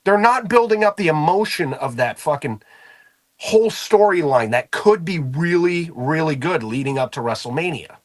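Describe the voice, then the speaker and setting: A man's voice: fairly high pitch, animated, moderate pace. A man co-hosting a wrestling podcast, complaining bluntly and casually with swearing. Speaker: podcast co-host. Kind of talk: casual wrestling talk show chat.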